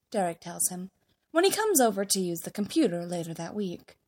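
A woman reading fan fiction aloud, narrating with wry, expressive emphasis. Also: lowish voice, fairly quick, breathy edge.

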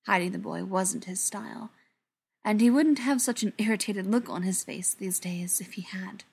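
A woman narrating a novel aloud in an expressive storytelling manner, sometimes dropping to near-whispers. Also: mid-range voice, normal speed, gravelly, husky. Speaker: audiobook narrator. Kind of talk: scripted narration.

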